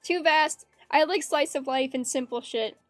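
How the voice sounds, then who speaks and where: A woman with a high, slightly bright voice chats casually while she streams her art, rambling, giggling, and reading the chat aloud at a normal speed. The recording is dry, with faint music playing in the background.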